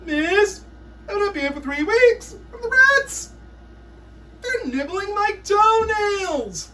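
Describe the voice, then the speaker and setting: A woman's voice: very high voice, big pitch swings, takes it slowly, pushed and bright, distant mic, slight background noise, voice pushed up, heavily acted. A woman putting on the voice of a whiny young schoolchild who pleads and wheedles with the teacher. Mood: wailing.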